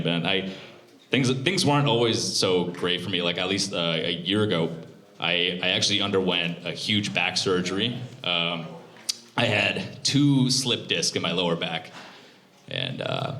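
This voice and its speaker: A man in his twenties performing a live stand-up set, animated and profane, mocking himself. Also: deep voice. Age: 20s. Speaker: stand-up comedian. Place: comedy club stage. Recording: roomy comedy club.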